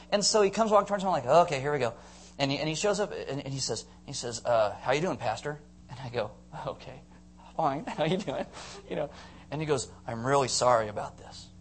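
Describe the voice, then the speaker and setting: A male pastor giving a sermon to a congregation, telling stories in a joking, animated way and acting out voices. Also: fairly high pitch, slight background noise. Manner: joking, animated storyteller who acts out voices. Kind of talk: sermon with storytelling. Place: church before a live congregation.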